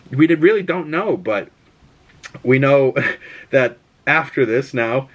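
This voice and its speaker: A male movie reviewer talks through a film in a loose, spoiler-heavy chat. He is excitable and swears freely. His voice sits in an ordinary middle pitch. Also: takes it slowly, pauses often. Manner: excitable, profane and chatty.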